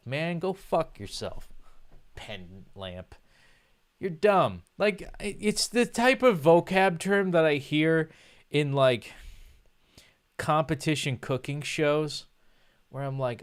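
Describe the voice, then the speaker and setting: A young man, ranting on a livestream in a loose, profane and sarcastic way. His voice is smooth and clear at a middling pitch, and he slips into mocking put-on snob voices now and then. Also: animated, takes it slowly, no room sound. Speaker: streamer. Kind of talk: casual rant on a livestream.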